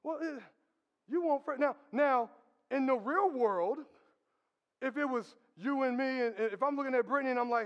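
A man's voice: very high-pitched, normal speed, big-room sound, muffled recording. A man preaching a casual, conversational sermon, addressing the congregation directly. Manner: conversational preaching with crowd asides, laughing. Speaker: pastor. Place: church.

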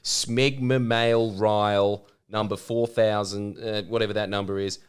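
A man's voice: fairly low pitch, fairly even intonation, unhurried, smooth. A man co-hosting a podcast, chatting casually with a joking, rambling manner. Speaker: podcast host.

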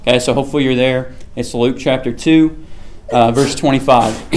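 A man's voice: medium pitch, fairly even intonation, a little slow, darkish tone. A man giving a casual sermon to a small group, chatty and often checking in with the listeners. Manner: chatty, keeps checking in with "okay?".

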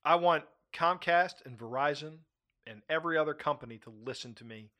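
A middle-aged man hosts a casual chat with a bright voice that sits slightly high. He talks in an animated way, laughs often and repeats words as he goes. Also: brisk. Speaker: podcast host.

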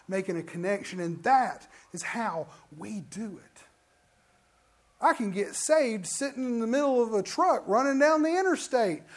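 Pastor with a high-pitched voice, preaching, acts out quotes in his stories. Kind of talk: sermon.

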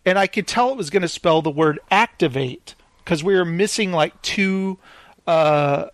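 A man telling a story in casual chat, lively and acting out the people in it. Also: high voice, normal speed, no room sound. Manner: animated, acts out the people in his stories.

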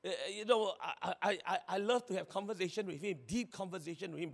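A man preaching a sermon in a lively, chatty way, laughing often and acting out little scenes. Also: high voice, brisk, vocal fry, few pauses. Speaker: pastor. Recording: long hall reverb.

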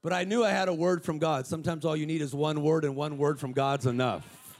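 A man giving a lively, humorous motivational sermon in a large church auditorium, telling stories and calling out people in the crowd. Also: a little high, brisk. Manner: energetic, humorous storytelling with crowd shout-outs. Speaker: guest speaker.

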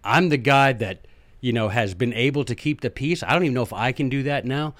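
A man doing a scheming ancient Greek politician who pleads loudly and urgently, trying to talk a frightened crowd into giving up their weapons. The voice sits at a middling pitch and sounds close and dry, with no room around it. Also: fairly quick, no echo, lightly acted. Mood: worried. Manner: loud, pleading, urgently persuasive.

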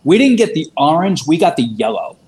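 Man with a New York accent, somewhat high voice. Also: very animated, fairly quick, darkish tone. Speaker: podcast co-host. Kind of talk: casual chat.

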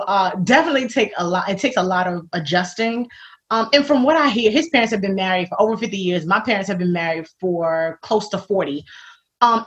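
A woman as an interview guest in casual faith-centred chat, animated and laughing often, acting out the voices she quotes. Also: medium pitch. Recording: dull lo-fi recording.

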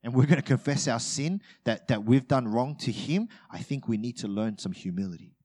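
Speaking a little fast in a medium-pitched voice with a breathy edge, this pastor preaches in a conversational, humorous way. He performs brief everyday scenes and alternates loud bursts with quiet asides.

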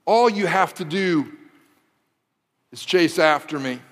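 A man's voice: a little high, expressive, slow pace, big-room sound. A man in his forties from the Detroit area preaching a sermon, building to impassioned repeated phrases and mixing in casual asides to the audience. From Michigan, Detroit area. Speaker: pastor.

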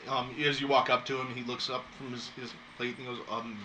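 A man narrating a tabletop game as game master, with many pauses and fillers. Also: medium pitch, little pitch movement, bright, forceful tone, a little hiss or hum, poor audio. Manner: hesitant, filler-heavy.

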